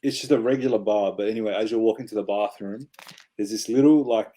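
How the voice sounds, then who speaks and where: Low-voiced man, relaxed storytelling. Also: fast. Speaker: podcast co-host. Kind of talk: casual chat.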